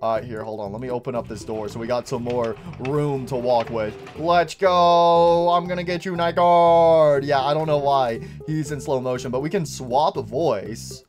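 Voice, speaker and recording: A young man giving excitable, casual commentary on a game and saying "bro" a lot. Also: medium pitch, normal speed, hardly any pauses, soft background music. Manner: excitable, says "bro" often. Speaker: gaming YouTuber.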